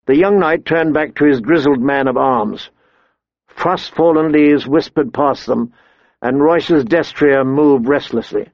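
A man reading an audiobook in a measured storytelling manner. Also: a little high, dry recording, dull audio. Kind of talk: audiobook narration.

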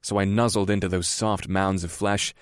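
Low male voice reading an audiobook, slow and measured, dry close sound. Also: flat delivery, clear, resonant tone, no room sound. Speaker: narrator. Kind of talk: first-person audiobook narration.

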